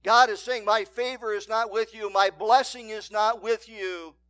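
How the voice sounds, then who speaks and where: High-voiced emphatic preaching man. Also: fairly even intonation, a little slow, no echo. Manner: emphatic preaching, swinging from loud declarations to hushed asides; reads scripture in King James wording. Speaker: pastor. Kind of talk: sermon.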